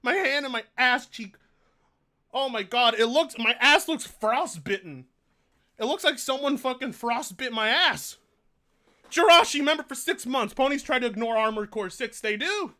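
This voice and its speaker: A man's voice: extremely high pitch, lively intonation, moderate pace, pushed and bright. A man streaming live, reading donations aloud, swearing and groaning in pain in a whiny, exasperated way. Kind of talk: casual live-stream chat.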